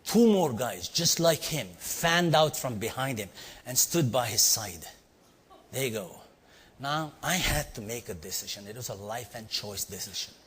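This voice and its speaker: A man from India with an Indian accent, telling a story to a live audience and quizzing them with quick asides. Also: medium pitch, a little hiss or hum. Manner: animated, quizzing the audience with "yeah?" and "right?". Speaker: leadership speaker. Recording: long hall reverb.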